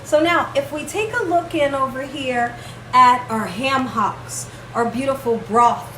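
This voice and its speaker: A woman with a fairly high voice hosts a home cooking lesson, talking straight to her viewers in a chatty, encouraging way. The kitchen rings with echo, and a faint ambient hum sits underneath. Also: measured pace, fairly bright tone. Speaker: cooking channel host. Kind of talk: casual cooking demonstration.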